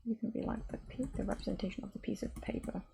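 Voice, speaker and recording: A woman game developer talking casually on a live stream while she codes at her desk. She thinks aloud, halting and restarting often. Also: medium pitch, steady tone, creaky, noisy background. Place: home desk.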